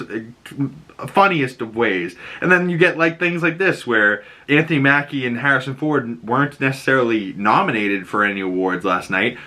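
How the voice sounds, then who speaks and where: A man hosting a casual pop-culture chat, excitable and rambling, with lots of "like" and "you know". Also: medium pitch, normal speed. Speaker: podcast host.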